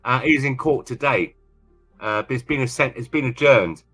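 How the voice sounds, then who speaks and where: A man's voice: mid-range voice, normal speed, fairly bright tone, faint music behind. A man from England, co-hosting a livestream in rambling, casual chat and repeating himself often. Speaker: livestream co-host.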